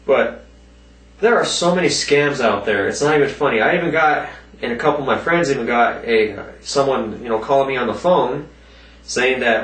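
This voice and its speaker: A man ranting casually to his viewers, rambling and swearing often, raising his pitch when he mimics other people. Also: fairly quick, fairly bright tone, roomy sound, far from the mic. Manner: rambling, swears a lot, voices quoted people in a higher pitch. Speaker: vlogger. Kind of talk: casual profane rant to viewers.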